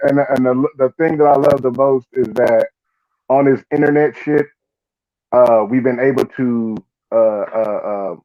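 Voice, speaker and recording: A man hosting a casual live show, talking in a laid-back way with many filler sounds. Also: medium pitch. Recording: dull lo-fi audio.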